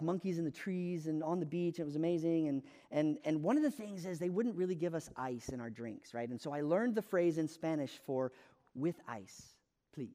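High-voiced American preacher in a reverberant hall. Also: male voice, mellow. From United States. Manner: conversational, self-deprecating storytelling with fillers. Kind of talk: sermon.

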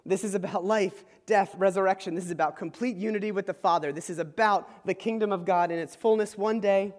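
High-voiced preacher in a reverberant hall. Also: male voice, a little fast. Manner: informal, checks in with "okay?" asides; chuckles while explaining. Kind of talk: conversational sermon.

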